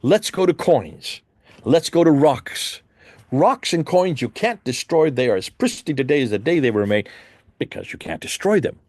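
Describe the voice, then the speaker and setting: A man delivers an emphatic lecture, his voice rising and falling in lively swings as he fires rhetorical questions at the audience. The sound is close and dry, with little room around it. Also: fairly high pitch, moderate pace, no room sound. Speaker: Christian apologist presenter. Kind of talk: lecture presentation with slides.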